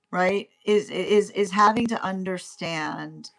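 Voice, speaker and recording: A woman giving a spoken tarot reading in a halting, chatty way, often restarting and repeating words. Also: fairly low pitch. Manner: grows animated and laughing. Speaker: tarot reader.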